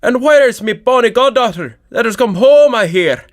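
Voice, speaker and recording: A man voicing a hearty Scottish godfather who calls out loudly and jovially, in a Scottish accent. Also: very high voice, animated, normal speed, voice pushed up. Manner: loud, hollering, jovial.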